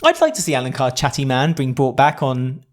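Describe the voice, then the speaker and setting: A man's voice: mid-range voice, sing-song, a little fast, slight background noise. Brief: male co-host, easy chat, frequent laughs and restarts. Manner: chatty, laughs often, many restarts. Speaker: podcast co-host. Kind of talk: casual chat.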